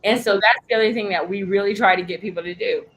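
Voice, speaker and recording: A woman's voice: medium pitch, fairly even intonation, fast, a bit bright, a little hiss or hum, low-quality recording. A woman business coach teaching a live workshop, telling stories with lots of energy, acting out quoted voices and swearing casually.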